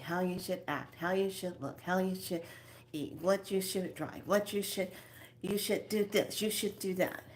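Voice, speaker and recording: A woman giving a spiritual motivational talk to her viewers, slipping between soft whispered phrases and lively acted asides. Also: mid-range voice, slight background noise. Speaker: spiritual self-help speaker.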